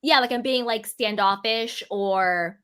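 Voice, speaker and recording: A woman's voice: a little high, a little slow, a bit bright, smooth. A woman hosting a casual online chat, teasing and giggly with her guests. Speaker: channel host.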